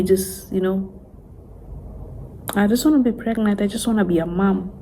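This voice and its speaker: A woman vlogger speaking in a soft, halting way, holding back tears as she opens up to her viewers in a confessional vlog. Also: medium pitch, slight background noise, low-quality recording. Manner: halting, soft-spoken, tearful.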